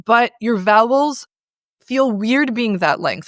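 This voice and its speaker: A North woman, a voice and communication consultant, explaining in a lively conversational interview and demonstrating sounds as she goes. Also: a little high, slow pace, no room sound, studio quality. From North America.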